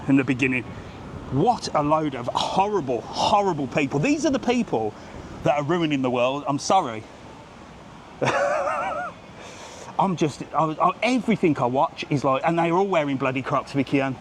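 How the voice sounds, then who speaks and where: A British man livestreaming a travel vlog as he walks a resort strip, ranting bluntly and swearing casually while greeting people. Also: medium pitch. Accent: British English. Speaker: travel vlogger. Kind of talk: live street walk-and-talk vlog. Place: outdoors on a busy resort strip. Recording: faint street noise behind the voice.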